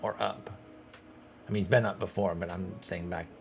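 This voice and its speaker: A young man giving casual gameplay commentary as a streamer, thinking aloud and breaking into sudden excited outbursts. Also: low-pitched, normal speed, gravelly, slight background noise. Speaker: streamer playing a baseball management game.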